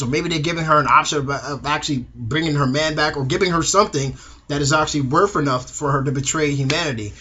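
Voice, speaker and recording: A man's voice: on the high side, fast, sharp tone, slightly rough. A young man reviewing a TV episode in a casual, slangy way, acting out the characters' lines.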